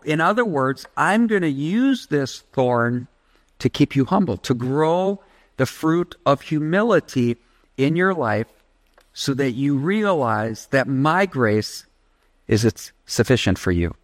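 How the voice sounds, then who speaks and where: A man's voice: fairly high pitch, expressive, takes it slowly, no echo. A man preaching a sermon as pastor, emphatic, leading the congregation in call-and-response.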